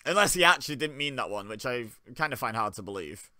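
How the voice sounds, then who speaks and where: A man's voice: mid-range voice, animated, quick pace, sharp tone, dry recording, studio quality. A young man giving wry, joking commentary while watching along, often laughing. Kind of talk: casual live commentary.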